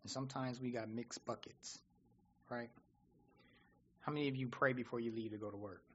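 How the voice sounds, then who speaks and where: A man preaching a sermon in an animated, conversational way, often acting out what people say. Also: mid-range voice, moderate pace, muffled recording, slight background noise.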